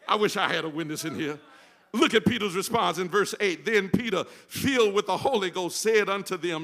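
A male pastor preaching a sermon in a church, building from quiet talk to rhythmic, shouted refrains. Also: high voice, a little fast. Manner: rhythmic call-and-response preaching, rising to shouts. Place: church sanctuary.

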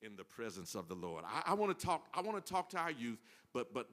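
A man preaching to a church congregation in a bright, forceful voice. He sits at a middle pitch, jokes with the room, and circles back over the same phrases before moving on. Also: sing-song, brisk, big-room sound. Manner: playful, repeats phrases, banters with congregation. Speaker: pastor. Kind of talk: informal sermon. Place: church service.

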